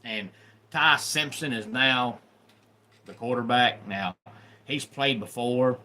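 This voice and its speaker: Bright-voiced Southern livestream host. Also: male voice, mid-range voice, slow pace, slight background noise. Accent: Southern American. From Deep South, USA. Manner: chatty, greets viewers by name. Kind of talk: casual live-stream sports talk.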